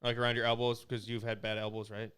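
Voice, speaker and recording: A man's voice: mid-range voice, monotone, fast, fairly bright tone, clean tone. A man with an Upper Midwest American accent, co-hosting a podcast and teasing his friend in casual chat. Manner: joking, teasing banter. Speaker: podcast co-host.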